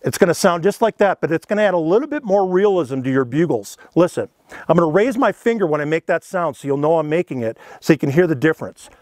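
A man's voice: fairly high pitch, expressive, fast talker, darkish tone, slight background noise. A man giving a casual, folksy lesson on elk calling, talking in an easygoing, conversational way. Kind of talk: instructional demonstration.

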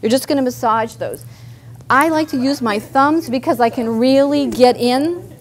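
In a meeting room full of people, a woman therapist runs a live group workshop, talking chattily as she guides simple movements. Her voice sits high at a normal speed, over a noisy background.

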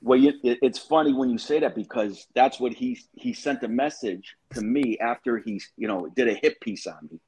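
A man's voice: medium pitch, normal speed, hardly any pauses, darkish tone, breathy edge, poor audio. A man hosting a casual live-stream chat over a video call, rambling with many restarts. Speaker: show host.

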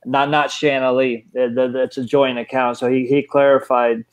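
A man's voice: medium pitch, level tone, moderate pace. A man hosting a casual interview, stammering and repeating words as he talks. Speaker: host. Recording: dull lo-fi audio.

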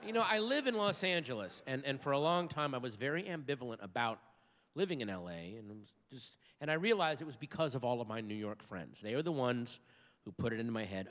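A man doing a stand-up comedy routine on a theater stage, telling stories with sudden shouted outbursts. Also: medium pitch, sing-song, a little fast. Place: large theater stage with live audience. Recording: live hall recording with crowd.

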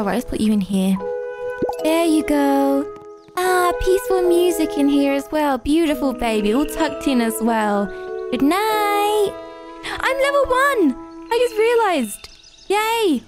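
A young woman narrating a game she plays, flustered and rapid, jumping up high when she panics and putting on fake crying. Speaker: gaming YouTuber. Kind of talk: let's-play commentary. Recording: game music playing behind.

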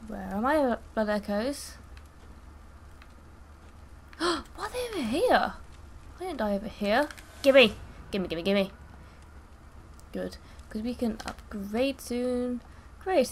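A woman's voice: a little high, slow, a little hiss or hum. A young woman giving gameplay commentary as she plays, swearing and bursting out in frustration. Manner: swearing, frustrated outbursts and screams. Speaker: gaming video creator.

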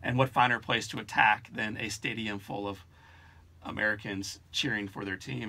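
Bright, lowish-voiced male podcast host. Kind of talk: interview conversation.

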